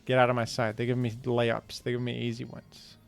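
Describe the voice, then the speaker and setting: Animated man commentating a guessing game. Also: mid-range voice, a little fast, creaky, clear, resonant tone, dry recording, faint music behind. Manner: animated, incredulous outbursts. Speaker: streamer. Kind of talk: casual gaming commentary.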